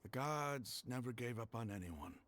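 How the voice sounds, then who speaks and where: A man's voice: mid-range voice, lively intonation, normal speed, fairly bright tone, lightly acted. An actor voicing a resolute male leader of a desert faction in a video game, speaking steadily and persuasively.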